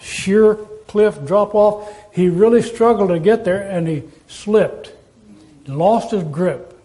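A man's voice: high voice, warm tone. A man preaching a sermon in a folksy, storytelling way, asking his listeners rhetorical questions.

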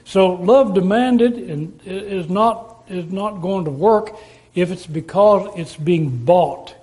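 A man's voice: high voice, slow pace, darkish tone. A man preaching a sermon in a conversational way, putting rhetorical questions to his congregation.

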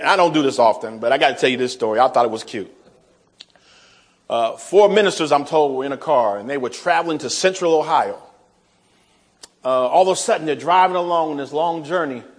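Preacher guy, high voice, folksy, goes quiet then shouts it out. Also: husky. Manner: swings between soft asides and shouted emphasis; folksy, addresses congregation as y'all. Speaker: pastor. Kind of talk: sermon.

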